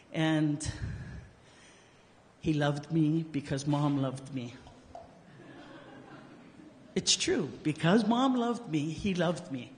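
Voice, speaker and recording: A man's voice: a little high, slight background noise. A man giving a eulogy as casual, joking storytelling, acting out the quotes he tells. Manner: joking, animated storyteller who acts out quotes. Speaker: eulogy speaker. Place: memorial service hall. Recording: long hall reverb.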